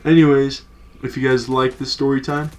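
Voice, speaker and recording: A young man spins a story in a relaxed, offhand way. He talks in loose street slang, leans on "like" as filler, and swears freely. His voice sits at an everyday middle pitch. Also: moderate pace. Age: young adult. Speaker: storytime vlogger. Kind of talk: casual storytelling.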